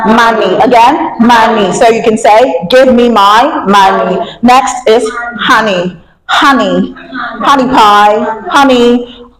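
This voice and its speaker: A woman's voice: on the high side, roomy sound, poor audio. A woman teaching pronunciation, leading the class to repeat words after her and asking quiz questions. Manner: leads call-and-response repetition, asks quiz questions.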